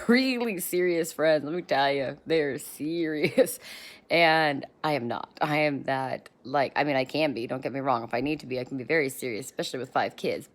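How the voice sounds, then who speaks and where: A woman's voice: deep voice, a bit bright. A woman in her thirties talking casually and encouragingly into a handheld phone, bubbly and chatty with rambling asides. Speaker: vlogger. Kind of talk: casual motivational talk to camera.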